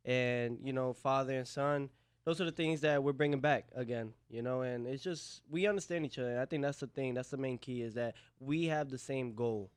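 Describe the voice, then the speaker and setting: A man's voice: mid-range voice, normal speed, clear, resonant tone, no room sound, studio quality. A young man, a professional boxer, answering interview questions earnestly with lots of "you know". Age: young adult.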